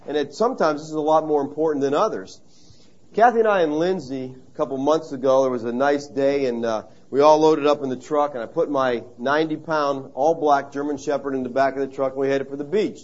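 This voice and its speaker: A man's voice: medium pitch, fairly quick, a little mellow, lo-fi sound. A man preaching a sermon in a conversational, story-telling way, stressing key phrases by repeating them. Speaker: pastor.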